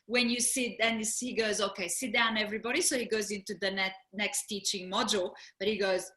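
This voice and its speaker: A middle-aged woman co-hosting a casual chat, telling a lively story, laughing often and acting out what people said. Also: mid-range voice, normal speed, reverberant. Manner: animated storyteller, laughs often, acts out quotes. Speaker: co-host.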